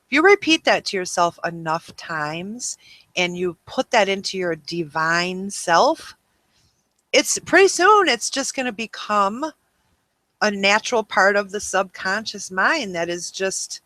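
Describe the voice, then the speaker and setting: A woman's voice: mid-range voice, big pitch swings, unhurried, bright, forceful tone, no room sound. A woman hosting a webinar in a casual, rambling way, full of ums and you-knows. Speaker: webinar host.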